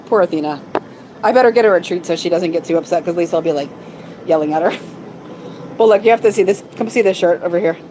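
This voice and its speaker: A woman's voice: on the low side, fast, pauses often, background noise. A woman co-hosting a casual livestream from a shop late at night. She is sleepy and silly, laughing and reading chat messages aloud. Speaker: livestream co-host.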